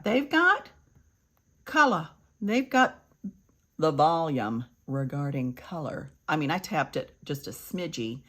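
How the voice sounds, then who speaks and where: An older woman giving a chatty makeup tutorial, calling her viewers "kids" and sometimes dropping to a soft murmur. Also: fairly low pitch. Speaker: beauty vlogger.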